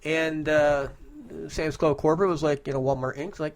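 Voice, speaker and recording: A man's voice: on the high side, fairly even intonation, moderate pace. A man co-hosting a paranormal webcast, telling a work story and joking in casual chat. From Southern Tier of New York.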